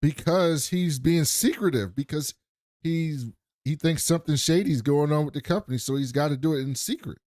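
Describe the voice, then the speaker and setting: A man's voice: a little high, normal speed, a little mellow, dry recording, studio quality. A man co-hosting a podcast, casually recapping plot and voicing characters' lines. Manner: storytelling, retells scenes with quoted lines. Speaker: podcast co-host.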